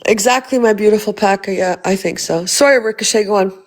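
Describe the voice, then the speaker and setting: A woman's voice: medium pitch, brisk. A woman hosting a casual livestream, blunt and swearing freely as she asks rhetorical questions. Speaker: livestream host.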